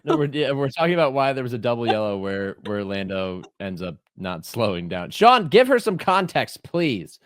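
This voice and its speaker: A man's voice: medium pitch, sing-song, moderate pace, hardly any pauses, dry recording. A man with a mid-range voice co-hosts a casual sports podcast. He teases the others and keeps up the banter, and the sound is dry. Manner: teasing, banter-heavy. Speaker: podcast co-host.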